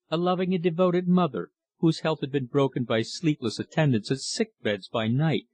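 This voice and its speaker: A man reading a classic novel aloud as an audiobook narrator, in a steady, measured way. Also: medium pitch, no room sound.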